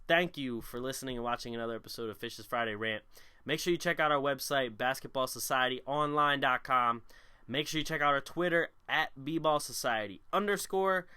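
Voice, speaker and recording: A man's voice: a little high, moderate pace, pushed and bright, clean tone. A young man hosting a solo sports podcast, giving opinionated, rambling commentary with frequent restarts. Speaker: podcast host. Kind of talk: solo basketball rant.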